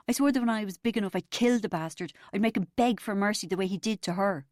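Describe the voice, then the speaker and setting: A woman's voice: mid-range voice, fast, a little mellow, dry recording, clean studio sound, close to an everyday voice. A woman reading the part of a distraught man in rehab, stammering and anguished as he denies the truth. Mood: pained.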